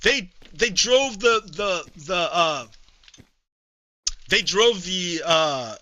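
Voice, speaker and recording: A male streamer giving casual political commentary to his live chat, halting with frequent repeats and restarts. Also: sits high, expressive, pushed and bright, dry recording, rough recording.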